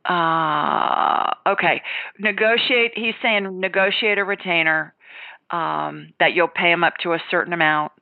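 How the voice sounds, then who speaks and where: A woman's voice: fairly low pitch, fairly even intonation, measured pace, creaky, no room sound. A woman hosting a radio call-in show, giving readings to callers and answering emails in a confident, emphatic, conversational way. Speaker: psychic call-in show host. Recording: tinny phone-like radio sound.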